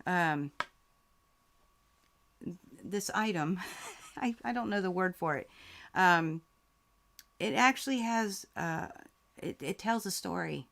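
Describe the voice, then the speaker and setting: A woman's voice: on the low side, expressive, takes it slowly, gravelly, long pauses, fairly bright tone. A woman hosting a live quilting Q&A stream, talking heartfelt and grateful while reading out viewer comments, close to tears. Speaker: quilting channel host.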